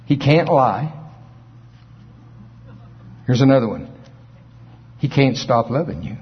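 A man preaching a sermon in a folksy, animated way, acting out scripture scenes in different voices. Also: medium pitch, takes it slowly, husky. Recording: dull lo-fi recording.

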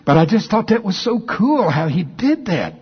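A man preaching a sermon, excitable and quick to laugh, who slows down to read scripture aloud. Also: high-pitched, slightly rough, dull audio. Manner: excitable, laughs often, reads scripture slowly. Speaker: pastor.

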